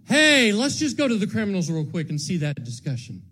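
A man preaching an Easter sermon to his congregation, moving from hushed tones to shouts and repeating his words for emphasis. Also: fairly high pitch, sing-song, quick pace, husky. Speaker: pastor. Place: church sanctuary with congregation.

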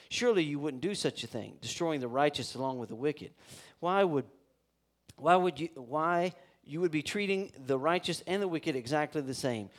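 A man preaching a sermon, reading scripture aloud and breaking off into casual asides to his listeners. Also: on the high side. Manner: conversational, with restarts and asides to the congregation. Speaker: pastor.

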